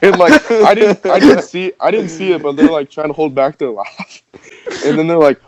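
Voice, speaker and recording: A man's voice: fairly high pitch, moderate pace, a crowd in the background. A young man telling a story casually on a podcast, rambling with many fillers and laughing as he goes. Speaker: podcast host. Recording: dull, dry podcast audio.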